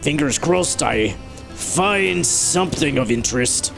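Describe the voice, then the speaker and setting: Young male gamer, lively and gravelly, game music under him; goofy self-mocking narration. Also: takes it slowly. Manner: animated, playful pitch swings. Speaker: gaming YouTuber. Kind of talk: let's play commentary.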